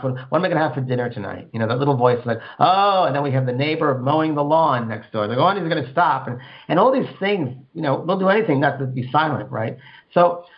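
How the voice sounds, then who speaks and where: A man hosting a spiritual call-in radio show, talking at a middle pitch. He rambles, repeats himself and acts out little inner voices as he advises callers. The sound is dull and lo-fi, like a radio broadcast.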